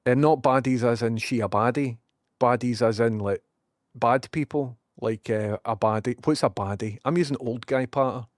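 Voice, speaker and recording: On a no-echo, studio-quality recording, a man with a Scottish accent and a mid-range voice at moderate pace rants casually to his live-stream audience. He rambles, stays sarcastic, and swears freely.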